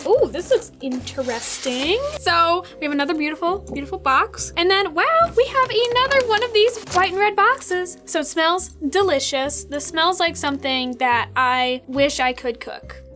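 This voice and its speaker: A young woman hosting a casual food tasting vlog, bubbly and chatty, full of excited fillers. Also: extremely high pitch, normal speed, hardly any pauses, faint music behind. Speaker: host.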